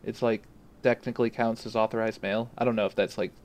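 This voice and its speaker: A man's voice: on the low side, flat delivery, fast. A man appearing as a guest streamer on a podcast, chatting casually with lots of fillers. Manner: chatty, filler-heavy, hedging. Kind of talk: casual chat.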